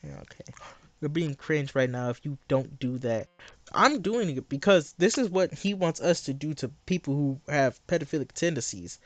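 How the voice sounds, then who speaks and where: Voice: medium pitch, animated, normal speed, dry recording. A livestreamer ranting to chat in a blunt, sarcastic, exasperated way, repeating phrases for emphasis.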